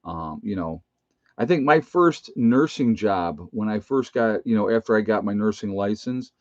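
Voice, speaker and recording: A man's voice: on the low side, lively intonation, moderate pace, a little mellow, dry recording. Older man rambling on a dull stream. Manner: rambling, chuckling, self-teasing. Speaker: retired nurse streamer. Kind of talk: casual live stream chat. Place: indoor room with bookshelves.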